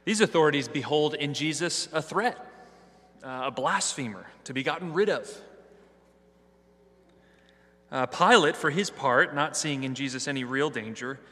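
A man reading scripture and preaching a sermon in a church, with a measured, earnest delivery. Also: a little high, bright, forceful tone. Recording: hall reverb.

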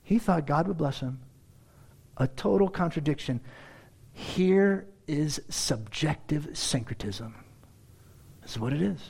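Animated, sarcastic preacher man. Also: a little high, a little slow, gravelly, pauses often, husky. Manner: animated, sarcastic, rhetorical questions; swings between loud exclaims and hushed asides. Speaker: pastor. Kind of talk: expository sermon.

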